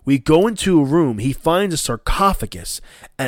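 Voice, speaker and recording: A man hosting a casual chat, excitedly recapping an episode and swearing as he acts out scenes in a raised voice. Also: on the high side, normal speed, no room sound, clean studio sound. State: coughing. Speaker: podcast host.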